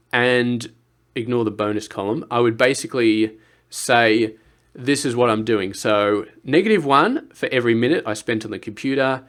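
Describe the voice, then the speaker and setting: A young man, talking earnestly in a casual vlog, rambling with restarts and dropping to quiet asides. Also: medium pitch. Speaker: vlogger. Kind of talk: casual personal vlog talk.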